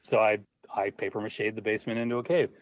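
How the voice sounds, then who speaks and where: Talking at a quick pace in a lowish voice, a man who makes low-budget films tells an animated story as an interview guest, laughing and performing its voices. The lo-fi recording is dull and dry, with no room sound.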